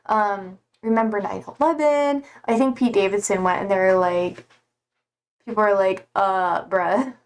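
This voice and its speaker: A tired young woman livestreamer chatting casually, reading out viewer comments with lots of fillers and a slightly hoarse voice. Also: mid-range voice, moderate pace. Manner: rambling, hesitant, many fillers and swear words.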